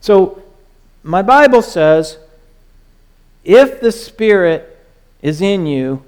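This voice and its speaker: A man preaching a sermon, moving between hushed, soft lines and raised, urgent pleading. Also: high-pitched, very animated, drawn-out words, smooth. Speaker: pastor.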